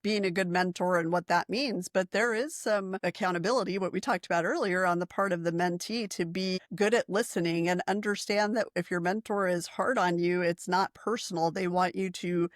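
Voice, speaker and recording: A woman's voice: fairly low pitch, fairly even intonation, moderate pace, hardly any pauses, dry recording. Enthusiastic woman host, dry sound. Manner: enthusiastic, reflective. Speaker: podcast host. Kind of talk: casual interview talk.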